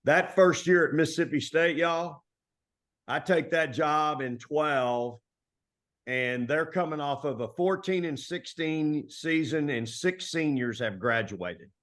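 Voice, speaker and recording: A middle-aged man from Texas, a basketball coach telling stories in a relaxed, folksy interview style full of colloquial turns. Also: a little high, takes it slowly. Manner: folksy, animated storytelling with Southern colloquialisms. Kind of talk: conversational storytelling interview.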